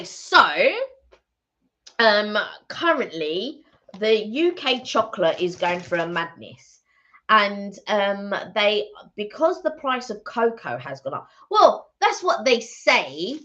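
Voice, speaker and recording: Bright-voiced woman chatting on a live stream. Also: medium pitch, lo-fi sound. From England. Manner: conversational, gently opinionated asides. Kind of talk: casual live-stream chat. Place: at home, indoors.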